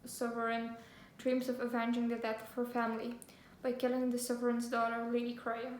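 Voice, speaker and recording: A woman's voice: fairly high pitch, completely flat delivery, brisk. Gushing young woman, echoey room. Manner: gushing, giggly, full of fillers. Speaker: book vlogger. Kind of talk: casual book haul chat with read-aloud synopses. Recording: echoey room, faint ambience.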